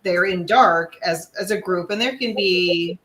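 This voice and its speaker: Chatty bright-voiced woman recounting a haunting. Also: lowish voice, a little slow, rough recording. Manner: chatty, many agreeing yeahs, acts out quoted reactions. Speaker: guest paranormal investigator. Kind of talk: casual podcast chat.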